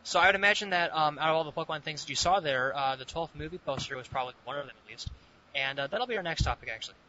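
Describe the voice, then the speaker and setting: A man's voice: on the high side, very fast, pushed and bright. A man chatting on a podcast in a hesitant, rambling way, asking the others questions. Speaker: podcast guest and co-host. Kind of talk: casual chat. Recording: lo-fi voice chat with faint noise.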